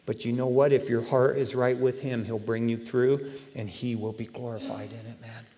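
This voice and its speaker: Man, pastor, conversational sermon, lively delivery, slangy, echoing church hall. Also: medium pitch, normal speed. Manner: animated, conversational preaching with slang.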